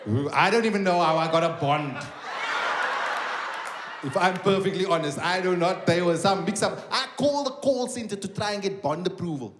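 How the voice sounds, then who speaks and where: A middle-aged man with a South African accent telling a story in a stand-up routine, slipping into quick voice impressions. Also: on the high side, lively intonation. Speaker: stand-up comedian. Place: comedy stage before a live audience. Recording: live show with loud audience noise. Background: audience laughter.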